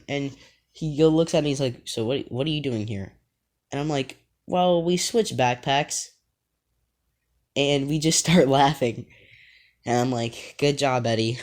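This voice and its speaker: Rambling male YouTuber telling school stories. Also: medium pitch. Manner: rambling, filler-heavy, amused. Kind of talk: casual storytelling to camera.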